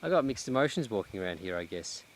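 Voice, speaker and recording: A man vlogging outdoors in a cleared pine forest, talking in a reflective, halting way with many restarts, a little out of breath. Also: on the low side, big pitch swings. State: slightly out of breath. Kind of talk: casual vlog monologue. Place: outdoors in a cut-down pine plantation.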